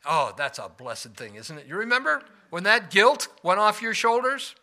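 Male preacher, bright and a bit high, dynamic sermon delivery with questions to the congregation. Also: big pitch swings, moderate pace. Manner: swings between loud emphasis and quiet asides, asks the room questions.

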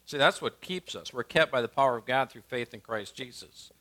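A male pastor preaches in a clear, bright voice. His delivery swings between forceful, emphatic lines and quiet, hushed ones. His pitch sits in the middle of the male range. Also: brisk. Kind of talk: sermon.

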